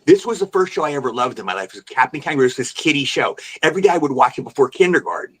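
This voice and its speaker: An older man, a guest actor on a podcast, telling lively show-business stories and jumping into voices when he quotes people. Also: medium pitch, racing, slightly rough. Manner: animated anecdotal storyteller, jumps into voices for quotes. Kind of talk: podcast interview storytelling. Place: remote podcast call.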